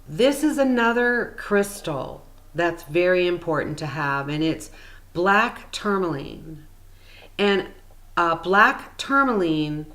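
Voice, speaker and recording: A woman spiritual coach explaining things in a casual, meandering, chatty way with frequent fillers. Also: fairly low pitch.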